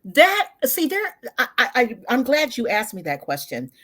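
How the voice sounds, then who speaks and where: A woman in her sixties answering interview questions in a thoughtful, expressive, emphatic way. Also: on the high side, normal speed. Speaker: guest, social media word educator. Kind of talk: conversational interview.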